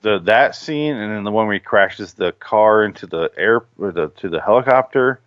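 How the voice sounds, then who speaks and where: A man from Michigan hosts a laid-back podcast chat with a somewhat low voice. He tells stories with animated energy and plenty of swearing. The sound is dull and lo-fi, and very dry. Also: normal speed, no echo. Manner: profane, animated storyteller. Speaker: podcast host. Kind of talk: casual chat.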